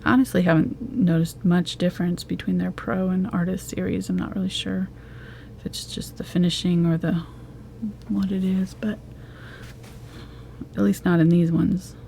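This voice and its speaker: A woman teaching a live acrylic painting tutorial, talking in a soft, relaxed way and often dropping to a whisper. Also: lowish voice, moderate pace, gravelly, slight background noise. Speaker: painting instructor.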